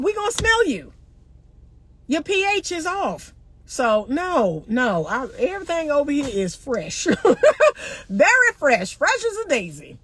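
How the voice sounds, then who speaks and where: A woman's voice: sits high, a bit bright, no room sound. A middle-aged woman relationship coach talking bluntly and animatedly to viewers, laughing often. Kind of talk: live-stream chat answering comments.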